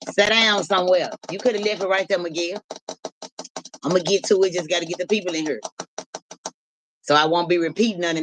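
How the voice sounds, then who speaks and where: A woman's voice: fairly low pitch, a bit bright. A woman hosting a live stream in casual talk, repeating rhythmic, profane hype chants to her viewers.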